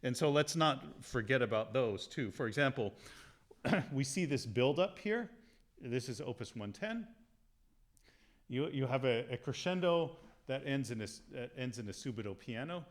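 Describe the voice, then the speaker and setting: A man's voice: medium pitch, animated, moderate pace. A man giving an informal piano lecture, talking casually with many fillers and humming musical phrases aloud.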